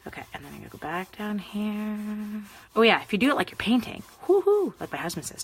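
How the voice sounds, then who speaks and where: A woman's voice: mid-range voice, very animated, fast talker, husky. A woman hosting a live card-making demo, chatting with viewers by name as she works. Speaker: crafting demonstrator.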